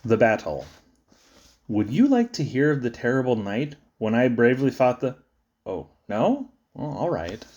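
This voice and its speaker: A man giving a playful, sing-song reading of children's poems, with sudden high squeaks and low drops. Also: very animated, measured pace, darkish tone, dull audio. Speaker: poetry reader.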